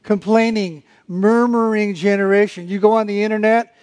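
A man preaching a sermon, emphatic, slowing down to stress key phrases and mimicking grumbling with muttered sounds. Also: high-pitched, fairly even intonation, a little mellow.

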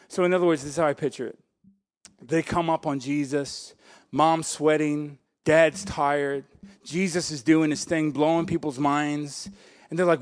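A male pastor delivering a sermon with a somewhat high-pitched voice. He preaches in an animated, joking way, laughing often and acting out quotes.

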